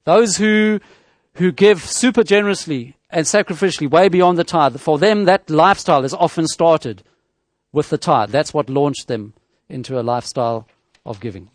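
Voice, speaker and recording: Guy giving a sermon, kinda high voice, dry close sound, lots of restarts and questions to the crowd. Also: no room sound. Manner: measured teaching tone, with frequent restarts and rhetorical questions. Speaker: preacher.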